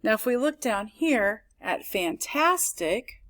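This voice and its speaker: A woman's voice: a little high, animated, a bit bright. A woman teaching a phonics lesson to a class, sounding out words syllable by syllable. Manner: slow, clapping out words syllable by syllable.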